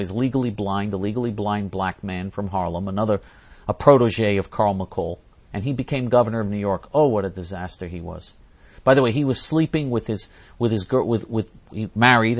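A man hosting a talk show, reading out listener questions and ranting indignantly, repeating himself and restarting his sentences. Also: fairly low pitch. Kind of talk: angry ranting monologue.

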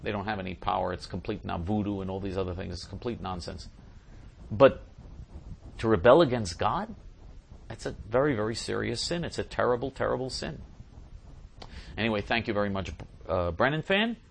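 Gravelly low-voiced male host. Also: lively intonation, brisk, pauses often. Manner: emphatic, repeats phrases for stress. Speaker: host answering listener questions. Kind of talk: casual religious question-and-answer monologue.

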